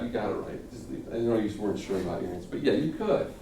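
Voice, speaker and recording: Teaching a class on speechmaking, a middle-aged man talks fast in a lowish, creaky, mellow and expressive voice. He's conversational, frequently checking "okay?" and dramatizing the audience's reactions. A distant mic captures roomy classroom sound with faint noise.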